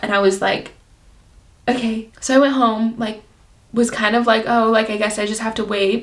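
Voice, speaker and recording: A woman's voice: mid-range voice, vocal fry. A woman of twenty chatting as a beauty vlogger, telling a personal story full of "like" and acting out her own past reactions. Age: 20s. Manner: chatty, filler-heavy storytelling with many "like"s. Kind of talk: casual get-ready-with-me chat.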